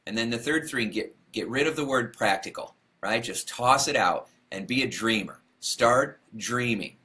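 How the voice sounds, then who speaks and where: With a pushed, bright, mid-range voice at a moderate pace, a male motivational speaker gives a talk. He tells a story, performs other people's words, and laughs at himself throughout.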